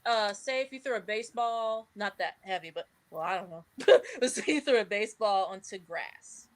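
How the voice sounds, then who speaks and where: A woman chatting casually with friends, her voice at an ordinary middle pitch. She tells stories with lively energy, breaks into laughter often and acts out her own reactions in quick bursts. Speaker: podcast co-host. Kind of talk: casual chat.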